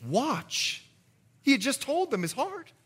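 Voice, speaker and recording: Man, pastor, sermon, lively storyteller, high-pitched, crisp bright tone. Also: measured pace. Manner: animated storyteller, jokey asides, shifts from loud to hushed.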